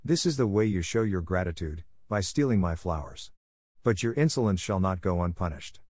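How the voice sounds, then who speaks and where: A man reading the part of a frightful, angry male beast in a storybook audiobook, with stern, measured delivery. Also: deep voice, expressive, a little mellow, dry recording, clean studio sound. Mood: furious.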